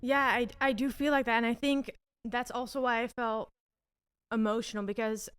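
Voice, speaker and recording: A woman co-hosting a podcast, talking haltingly with many fillers and restarts while fighting back tears. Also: a little high, fairly even intonation, smooth, dry recording, clean studio sound. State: on the verge of tears. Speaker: podcast co-host. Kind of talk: emotional casual chat.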